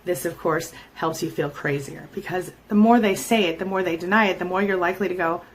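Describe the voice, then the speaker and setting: A middle-aged woman coaching viewers about toxic relationships, talking emphatically and acting out quoted lines with sudden jumps in pitch. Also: a little fast, slight background noise. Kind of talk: direct-to-camera coaching talk.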